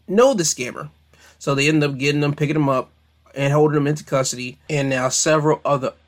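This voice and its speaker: A man hosting his own podcast, talking casually and directly to his listeners, chatty and friendly, rambling a little and correcting himself as he goes. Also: mid-range voice. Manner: relaxed, rambling delivery with fillers and self-corrections. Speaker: podcast host. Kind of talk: casual solo podcast monologue.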